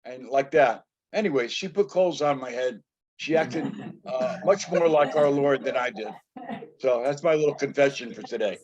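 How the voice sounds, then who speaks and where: A man in a church class telling a personal confession, halting and full of fillers. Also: medium pitch, darkish tone, highs cut off. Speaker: class member.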